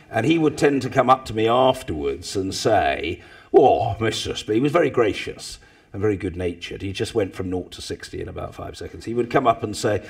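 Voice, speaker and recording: A man, telling anecdotes to a live audience, with loud mimicking bursts. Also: on the low side, fairly quick, vocal fry, husky. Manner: animated storyteller, mimics others with loud bursts. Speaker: former parliamentary speaker, guest.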